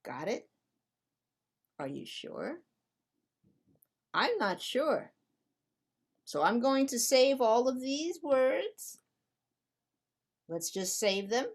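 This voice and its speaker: A woman's voice: a little high, sing-song, drawn-out words, pauses often. A woman who speaks English as her first language, teaching at a whiteboard, patiently repeating a rule and asking playful questions. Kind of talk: slow, deliberate classroom explanation.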